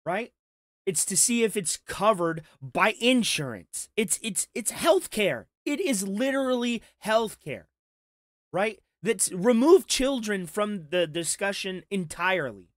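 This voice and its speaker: A man's voice: high voice, lively intonation, unhurried, no room sound, studio quality. A man giving heated, profane reaction commentary, talking with sarcasm and frustration. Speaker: commentary streamer.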